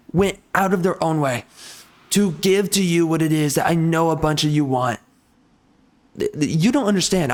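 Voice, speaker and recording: A young man with a profane, heated, repetitive way of talking, delivering an angry rant to the camera. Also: on the high side. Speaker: gaming YouTuber.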